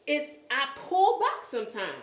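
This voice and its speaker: A woman hosting a faith-based talk show, speaking earnestly and often pausing to search for words. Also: high voice, wildly swooping pitch, reverberant. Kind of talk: faith-based casual chat.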